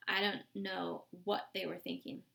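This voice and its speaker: A woman's voice: mid-range voice, flat delivery, unhurried, vocal fry, bright, forceful tone, a little hiss or hum, full character voice. A woman voicing a lying, defensive female camp warden who makes excuses.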